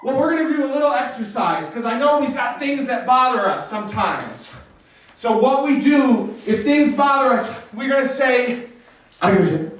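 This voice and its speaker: High-voiced male host in an echoey hall. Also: lively intonation, normal speed, fairly bright tone. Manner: playful, teasing, leads audience chants; swears freely. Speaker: variety show host. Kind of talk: live stand-up crowd work. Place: live venue before an audience. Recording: echoey room from far off, faint noise.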